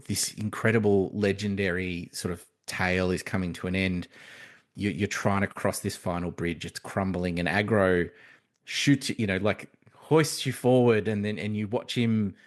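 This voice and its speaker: A man's voice: sits low, steady tone, moderate pace. A man co-hosting a podcast, talking in casual chat with many restarts and fillers. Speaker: podcast co-host.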